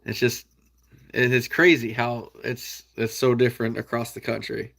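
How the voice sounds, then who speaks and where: A man's voice: medium pitch, flat delivery, normal speed, vocal fry, a bit bright. Chatty man answering live chat. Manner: chatty, laughs often, answers viewers by name. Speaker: trapping channel host reading live chat. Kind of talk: casual live-stream chat.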